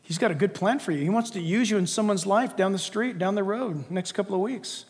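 A man preaching a sermon with dynamic delivery, swinging from loud emphasis to hushed, confiding asides. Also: sits high, brisk. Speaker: pastor. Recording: long hall reverb.

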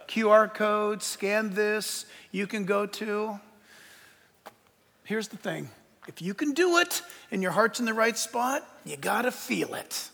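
An older man preaching a sermon as pastor, animated and emphatic, joking as he goes. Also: high-pitched, measured pace, creaky, big-room sound.

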